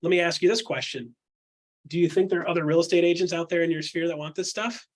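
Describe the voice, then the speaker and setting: A man coaching on real estate in a candid chat, punching his points with quick rhetorical questions and acting out what other people say. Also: on the high side, fairly even intonation. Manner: acts out quotes in other voices.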